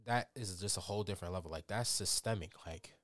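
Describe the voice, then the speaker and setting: Man, young, low voice, casual podcast talk, lots of fillers, dry sound. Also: fast talker, dry recording. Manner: animated, swears freely, many fillers. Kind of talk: casual chat.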